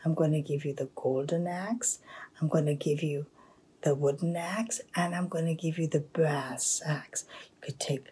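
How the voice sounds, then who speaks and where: Woman doing a soft-spoken bearded old man. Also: deep voice, steady tone, a little slow, full character voice. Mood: reassuring. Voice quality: breathy, soft. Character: kindly old man with a long white beard.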